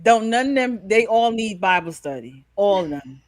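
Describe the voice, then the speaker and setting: Brief: male panelist, high-pitched, exclaiming, theatrical reactions. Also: expressive, normal speed, a crowd in the background. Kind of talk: casual livestream chat.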